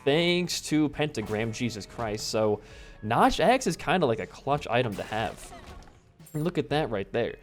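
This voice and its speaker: A man's voice: mid-range voice, animated, a little slow, faint music behind. A man from the US Midwest doing casual gameplay commentary, telling a rambling story and swearing freely as he plays. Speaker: gaming YouTuber.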